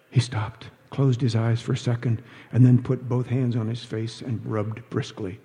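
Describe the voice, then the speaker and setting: Husky-voiced man narrating a story. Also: mid-range voice, fairly even intonation, normal speed, hardly any pauses, mellow, in a large hall. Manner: dry, wry storytelling. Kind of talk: audiobook narration.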